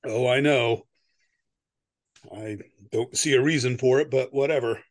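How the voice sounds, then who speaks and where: A man's voice: mid-range voice, measured pace, dry recording, clean studio sound. A middle-aged man co-hosting a podcast, chatting in a rambling way with many restarts and frequent laughs, then reading a story aloud. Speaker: podcast co-host. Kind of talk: casual chat and story reading. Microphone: close podcast mic.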